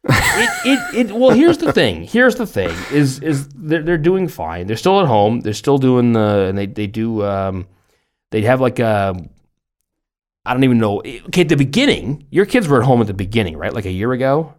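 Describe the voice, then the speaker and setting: A man's voice: mid-range voice, lively intonation, normal speed, darkish tone. A middle-aged man hosting a podcast in casual chat, rambling and self-deprecating, often stumbling over his words. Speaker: podcast host.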